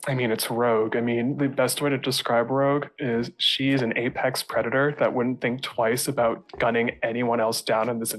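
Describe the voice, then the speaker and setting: A man narrating as game master of a tabletop game, in relaxed, chatty talk. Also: mid-range voice, moderate pace, hardly any pauses. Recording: faint music behind.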